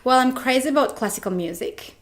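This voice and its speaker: A woman's voice: sits high, expressive, fairly quick. A young woman from Georgia, an actress answering interview questions eagerly in simple phrases, often adding "you know".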